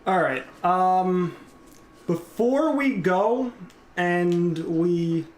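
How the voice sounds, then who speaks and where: A gameplay streamer with a high, lively voice speaks very slowly in an echoey room with a little hiss or hum. He gives rambling live commentary, chatting casually with viewers and reading and answering chat.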